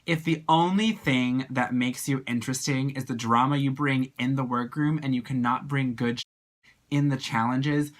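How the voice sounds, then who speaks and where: A drag performer giving a casual video review, animated and gushing, full of slang and sudden high excited exclamations. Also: moderate pace.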